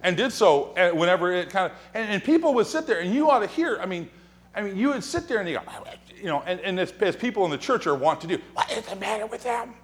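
Animated joking pastor preaching in a sanctuary. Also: male voice, high voice, fast talker. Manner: animated, joking storyteller who acts out quotes and whispers. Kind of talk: sermon. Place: church sanctuary.

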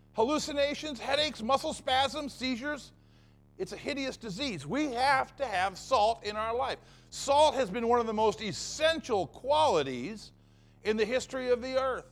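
High, lively-voiced preacher man, emphatic. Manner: emphatic, repeating phrases for effect. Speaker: pastor. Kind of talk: sermon.

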